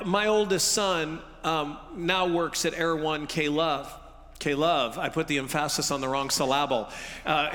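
Bright-toned pastor in a reverberant hall. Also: male voice, a little high. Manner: conversational, humorous, acts out listeners' reactions. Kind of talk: sermon. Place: church sanctuary. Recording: long reverb of a large hall.

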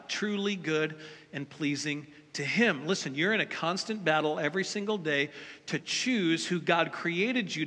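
High bright voice, pastor guy preaching hard at the crowd, big echoey church hall. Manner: emphatic, direct address to the congregation. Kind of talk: sermon. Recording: long reverb of a large hall.

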